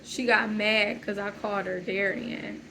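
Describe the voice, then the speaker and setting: A woman's voice: mid-range voice, steady tone, unhurried, gravelly, pushed and bright, a little hiss or hum, poor audio. A woman talking through a loose, searching personal monologue, full of fillers and restarts. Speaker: channel host.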